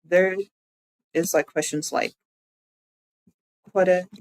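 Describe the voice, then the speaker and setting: A VTuber streamer giving a live-streamed language lesson, explaining step by step and repeating words slowly. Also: mid-range voice, no echo, low-quality recording.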